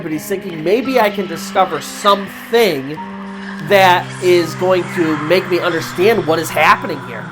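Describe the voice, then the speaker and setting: A woman host narrating a horror story in a casual, conversational way, with pauses for suspense. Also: medium pitch. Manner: conversational, with fillers and restarts, dramatic pauses.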